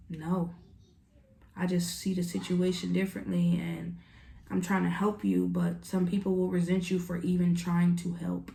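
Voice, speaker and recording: A woman with a dark, lowish voice and vocal fry gives a tarot reading at a moderate pace and a level tone. She addresses the viewer casually but with earnest emotion. The room is echoey.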